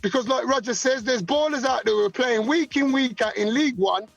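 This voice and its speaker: A man joining a football chat as a guest over a remote call, giving blunt, forceful opinions. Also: very high voice, a little fast, gravelly, no room sound, soft background music. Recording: dull, dry call line.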